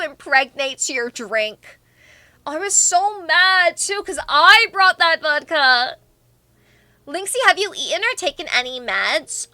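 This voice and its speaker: A woman's voice: sits high, pushed and bright, dry recording. A young woman streamer chatting casually and reading out viewer comments, bubbly and playfully teasing.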